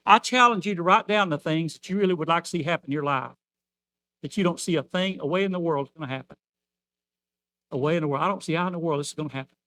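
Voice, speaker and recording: A man's voice: on the high side, dry recording. Older male preacher, dry close sound. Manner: storytelling preacher, swings from loud to soft. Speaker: outreach minister. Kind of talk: sermon.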